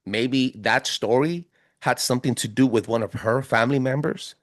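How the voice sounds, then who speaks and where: A man telling a story as a podcast guest in a casual, animated way, full of slang. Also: medium pitch, moderate pace, no room sound, clean studio sound. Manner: animated, slangy, keeps saying bro.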